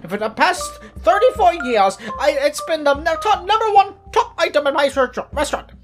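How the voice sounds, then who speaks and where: A woman voicing an excitable older male restaurant owner who speaks broken English in a loud, high, rambling way, in an improvised comedy skit. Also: moderate pace, faint music behind. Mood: boastful. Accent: put-on broken English. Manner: rambling storyteller, shouts and exclaims.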